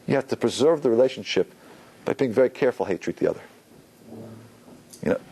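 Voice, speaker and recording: A rabbi giving an informal, conversational Torah lecture to a class, using many fillers and acting out quoted lines. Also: male voice, medium pitch, a little mellow, rough recording. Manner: conversational, loose with fillers, acts out quotes with a rising voice.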